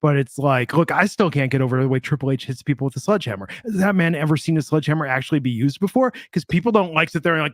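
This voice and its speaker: A man co-hosting a podcast, talking in a relaxed, opinionated way as he muses over each point. His voice sits a little high for a man. The sound is dry and close, with no room around it. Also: no echo. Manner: conversational, opinionated, drawn-out musing. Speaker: podcast co-host. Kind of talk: casual wrestling podcast chat.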